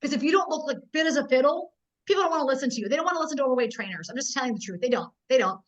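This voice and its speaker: A woman's voice: sits high, animated, racing, a little hiss or hum. A woman in her forties giving a blunt, emphatic tough-love business training over a video call. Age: 40s. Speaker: network marketing trainer. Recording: dull, muffled video-call audio.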